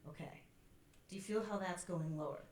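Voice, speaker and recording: A woman's voice: on the low side, moderate pace, a little mellow, slight background noise. A woman voice teacher coaching a student in a master class, encouraging and demonstrating as she goes. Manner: encouraging, demonstrates with sung sobs. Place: college teaching hall. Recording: roomy hall with faint ambience.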